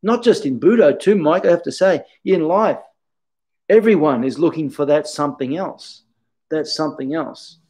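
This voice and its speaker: A man's voice: fairly high pitch, moderate pace, darkish tone, husky, low-quality recording. A man, a karate instructor talking casually in an interview, telling stories in an earnest, reflective way.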